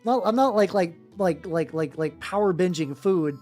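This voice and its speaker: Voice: medium pitch, normal speed, a little mellow. An American VTuber chatting casually while painting miniature terrain, rambling with frequent restarts and swearing. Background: faint background music.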